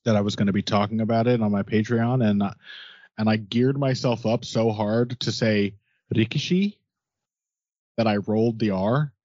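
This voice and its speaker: A man's voice: fairly low pitch, moderate pace, darkish tone, no echo. A man co-hosting a sports podcast, chatting in a wry, knowledgeable way and laughing often. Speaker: podcast co-host. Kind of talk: casual sports podcast chat. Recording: dull, lo-fi dry sound.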